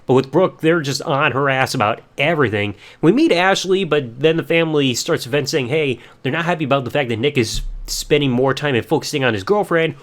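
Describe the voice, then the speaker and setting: A man's voice: fairly high pitch, expressive, brisk, few pauses. A young man hosting a casual solo review podcast, rambling along and swearing casually. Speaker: podcast host.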